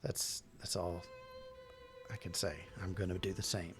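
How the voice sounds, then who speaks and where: A man narrating a tabletop game as game master, hesitant and halting but reassuring. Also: deep voice, little pitch movement. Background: faint music.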